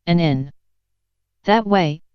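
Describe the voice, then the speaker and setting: A woman reading the part of a sly, grinning cat who speaks in riddles, in a slow, dull lo-fi recording. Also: fairly low pitch, clean tone, no echo. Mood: teasing. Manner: teasing, matter-of-fact. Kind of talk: audiobook character reading. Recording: dull lo-fi sound.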